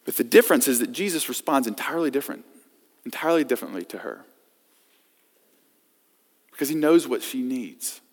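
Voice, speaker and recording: A man preaching a sermon as pastor, swinging from loud emphasis to hushed scripture reading. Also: medium pitch, lively intonation, brisk, long pauses. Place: church sanctuary. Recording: long reverb of a church hall.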